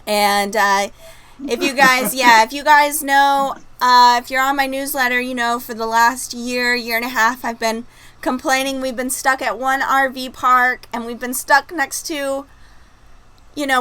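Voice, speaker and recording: A woman's voice: sits high, a bit bright, slight background noise, low-quality recording. A woman, hosting a video-call chat and telling stories with a laugh. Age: 30s. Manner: chatty, laughing storyteller. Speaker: host. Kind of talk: casual livestream chat.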